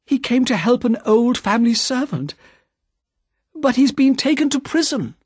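A man's voice: high voice, measured pace, dry recording, clean studio sound, voice pushed up. A man voicing a distressed young woman in an audiobook, breathless and pleading.

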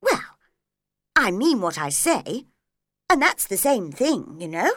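A woman voicing a polite, curious young girl in a storybook reading, raising her voice high and eager. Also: big pitch swings, takes it slowly, fairly bright tone, no echo, clean studio sound, exaggerated voice. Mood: earnest.

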